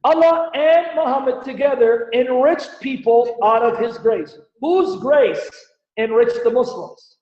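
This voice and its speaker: A man with a strikingly high voice, hosting a live teaching stream and pressing his audience with one rhetorical question after another. The sound is dull and lo-fi, with a roomy echo around him. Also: unhurried. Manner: animated, rhetorical questions, presses listeners for answers. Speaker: Christian apologist host. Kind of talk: livestream Bible-Quran debate teaching. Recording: echoey, dull lo-fi stream audio.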